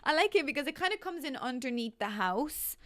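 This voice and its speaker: Young woman, casual gameplay commentary, chatty and self-deprecating, slightly high voice, dry close sound. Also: lively intonation, fairly quick, fairly bright tone, dry recording. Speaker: game builder.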